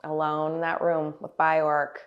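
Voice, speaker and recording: A woman's voice: deep voice, completely flat delivery, unhurried, highs cut off. A woman in her forties, a guest performer, chatting animatedly in an interview with many fillers and restarts. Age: 40s. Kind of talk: casual interview storytelling.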